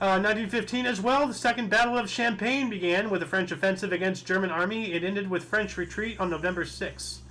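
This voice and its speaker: A man's voice: high-pitched, brisk, few pauses, pushed and bright, low-quality recording. A young man co-hosting a history podcast, reading dates with small stumbles and joking casually. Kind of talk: casual chat.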